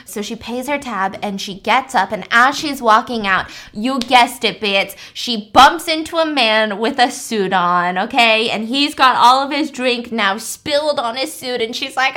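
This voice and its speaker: High-voiced chatty woman vlogger. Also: normal speed, few pauses. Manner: animated, chatty, casual swearing. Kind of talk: casual storytelling recap.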